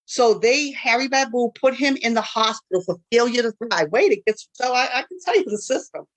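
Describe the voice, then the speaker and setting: Woman, panel speaker, rapid animated personal testimony. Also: on the high side, low-quality recording. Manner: fast, animated storytelling with quoted dialogue.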